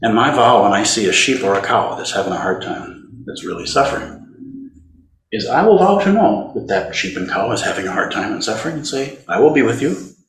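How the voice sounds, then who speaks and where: Gentle man giving a dharma talk. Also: lowish voice, sing-song, brisk, a little hiss or hum. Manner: gentle, conversational, tender when voicing compassion. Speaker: Zen teacher. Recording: roomy hall recording.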